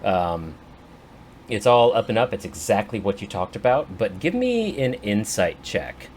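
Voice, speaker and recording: A man running a tabletop game as game master, narrating in a relaxed, hesitant way. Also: lowish voice, a little slow, soft background music. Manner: relaxed, hesitant, many fillers.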